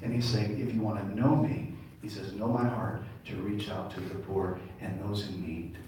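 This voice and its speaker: A man's voice: on the low side, steady tone, normal speed, warm tone, slight background noise. Male rabbi, sermon, call-and-response; roomy distant hall sound. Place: large congregation hall. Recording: echoey hall, mic far off.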